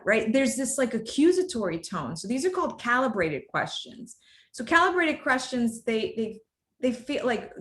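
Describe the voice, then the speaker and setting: A woman's voice: medium pitch, a bit bright. A woman with children, presenting a workplace workshop on difficult conversations in a conversational way. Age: adult, parent of children. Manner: conversational, demonstrates tones with exaggerated acted examples.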